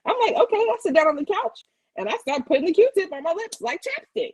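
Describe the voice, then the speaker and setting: A young woman co-hosting a casual chat, telling a story in a lively way and jumping high in pitch to act out what people said. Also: brisk, dry recording, rough recording. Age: young adult. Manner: animated, jumps high to act out quotes. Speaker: podcast co-host.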